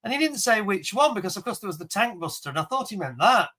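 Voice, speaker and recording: A man's voice: high-pitched, very animated, fast talker, sharp tone. A man hosting a charity model kit auction in casual chat, laughing often and talking up each kit with enthusiasm. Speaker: auction host showing model kits. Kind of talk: casual live-stream chat.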